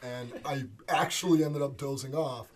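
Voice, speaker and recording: A man's voice: medium pitch, fairly even intonation, moderate pace. A man from upstate New York in a band, telling stories in a loose, rambling way with lots of "like". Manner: rambling, many "like" fillers. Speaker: band member. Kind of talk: casual chat. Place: band practice space.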